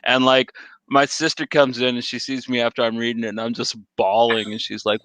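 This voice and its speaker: Bright-voiced man in his thirties. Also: mid-range voice, brisk, no echo. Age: 30s. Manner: profane, laughing, animated storytelling. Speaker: podcast co-host. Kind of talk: casual chat.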